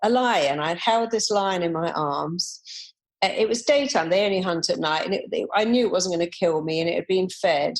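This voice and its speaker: A woman's voice: on the low side, moderate pace. A woman, a therapist guest in an interview, telling stories and acting out the voices of people she quotes. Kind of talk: conversational interview.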